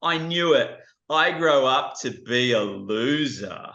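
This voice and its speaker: A man's voice: medium pitch, lively intonation, slow, gravelly, pushed and bright, a little hiss or hum, pitched above the performer's own voice, heavily acted. A man voicing an eager, exclaiming eight-year-old boy as he retells a film scene, recorded with a dull, roomy sound. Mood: dismayed.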